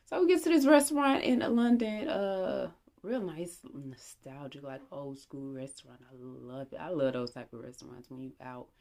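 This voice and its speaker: A young woman vlogger telling a casual, animated story and acting out bits of dialogue. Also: low voice, normal speed, few pauses. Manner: animated, chatty, acts out dialogue.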